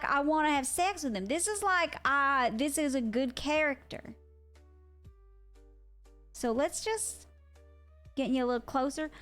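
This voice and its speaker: Young woman streamer, high voice, swears a lot, gets loud and excited, quiet music behind. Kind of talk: casual live-stream chat. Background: faint music.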